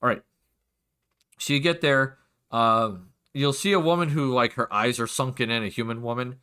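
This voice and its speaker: A man's voice: mid-range voice, fairly even intonation, moderate pace, bright, forceful tone, clear, resonant tone. A man narrating casually as game master of a tabletop game, with many fillers.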